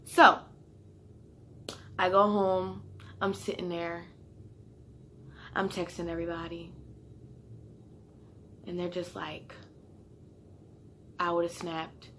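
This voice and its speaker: A young woman casually telling a storytime, animated and heated, with slang and swearing, sometimes sinking to a near whisper. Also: fairly low pitch, slow pace, long pauses, slight background noise. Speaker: vlogger.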